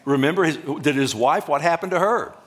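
A man's voice: on the high side, a little fast, a bit bright. A man preaching a sermon as pastor, firing questions at his congregation and answering them himself, with the odd joke. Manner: jokes and laughs with the congregation.

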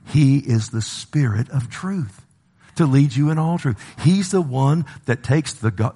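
Gravelly-voiced preacher man, impassioned. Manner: impassioned, swinging from loud exhortation to low emphasis, calls of "Amen?". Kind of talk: sermon.

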